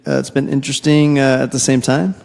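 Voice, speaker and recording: A man's voice: medium pitch, level tone, quick pace, creaky, darkish tone, in a large hall. A man hosting a podcast in casual chat, joking and laughing often. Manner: jokey, giggly. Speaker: podcast host.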